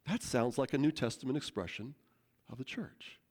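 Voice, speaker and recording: A man preaching a sermon, telling a story in a lively, conversational way and acting out the quotes. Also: medium pitch, moderate pace. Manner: animated, conversational, acts out quotes. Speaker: pastor.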